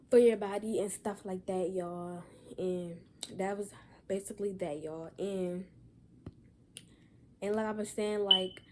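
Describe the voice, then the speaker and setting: Young female vlogger, holding back tears, rambling with lots of fillers over faint background noise. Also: medium pitch. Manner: rambling, repeats "y'all" and "like". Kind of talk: emotional personal vlog.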